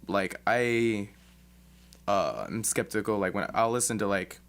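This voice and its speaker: A man's voice: lowish voice, unhurried, fairly bright tone. A man being interviewed as a guest rapper, talking casually and hesitantly with many fillers. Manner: hesitant, many ums and likes.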